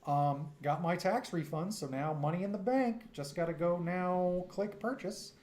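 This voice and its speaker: A man casually chatting while hosting an art livestream, rambling with halting restarts. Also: high-pitched, a little mellow. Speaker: livestream artist host.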